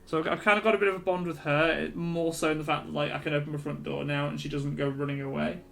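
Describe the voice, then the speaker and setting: A man's voice: on the high side, little pitch movement, quick pace, creaky, fairly bright tone, a little hiss or hum. A man streaming while he draws, chatting casually and rambling with lots of fillers. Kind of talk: casual chat while drawing.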